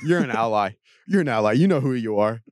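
A young man co-hosting a podcast, talking loud, profane and joking, laughing often between lines. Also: medium pitch, expressive, quick pace, no echo, clean studio sound. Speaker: podcast co-host. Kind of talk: casual chat.

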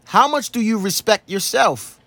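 A man's voice: high-pitched, animated, moderate pace, creaky, fairly bright tone, no echo. A man hosting a podcast in an impassioned spoken monologue, repeating phrases for emphasis and asking rhetorical questions like a preacher. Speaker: podcast host.

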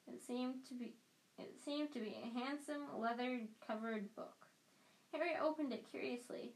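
A woman's voice: fairly high pitch, a little slow, low-quality recording. A woman reading a novel aloud in an unpolished way, often stumbling and starting a phrase over. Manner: unpolished, frequent restarts. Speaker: audiobook reader.

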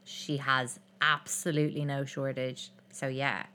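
A woman's voice: rumbling low, flat delivery, a little slow, sharp tone. Wry woman, gossipy podcast chat. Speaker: podcast co-host. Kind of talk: casual chat.

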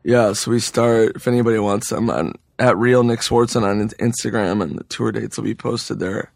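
A man's voice: fairly low pitch, steady tone, normal speed, vocal fry, a little mellow, no echo, clean studio sound. A hungover man, a comedian guest, telling loose, profane stories in a casual podcast interview. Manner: loose, profane storytelling with restarts.

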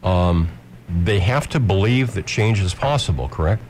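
A man interviewing a guest, asking slow checking questions. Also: low-pitched, lively intonation, darkish tone, slight background noise. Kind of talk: conversational interview.

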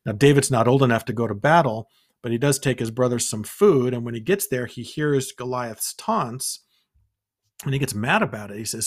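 A man at a middle pitch hosts a scripture study talk. He speaks earnestly and encouragingly, and brings the stories to life with quoted dialogue. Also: lively intonation, fairly quick. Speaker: podcast host.

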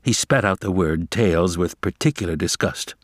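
A man reading a children's novel aloud as narrator, with expressive, dramatic storytelling. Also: sits low, normal speed, breathy edge, dry recording, clean studio sound.

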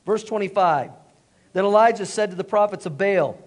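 A male pastor preaching a lively sermon in a church, joking and calling for responses from the congregation, then dropping to hushed solemn tones. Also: sits high, brisk. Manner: animated, jokey, call-and-response, drops to hushed solemn tones.

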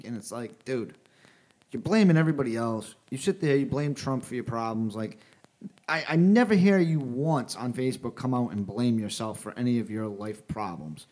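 A man's voice: mid-range voice, expressive, normal speed, a little mellow. A man co-hosting a casual podcast chat, complaining bluntly and cursing often.

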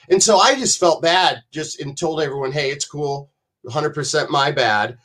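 A man's voice: fairly high pitch, moderate pace, fairly bright tone. A man telling rambling, profane stories as a podcast guest, acting out other people's voices as he goes. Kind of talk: casual storytelling on a podcast.

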